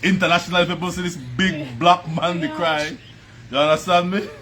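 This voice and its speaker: A man's voice: on the high side, steady tone, moderate pace, pushed and bright. A man with a Belizean Creole accent hosting a casual livestream, chatting, laughing often and greeting viewers by name. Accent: Belizean Creole English. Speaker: livestream host. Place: at home. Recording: music playing behind.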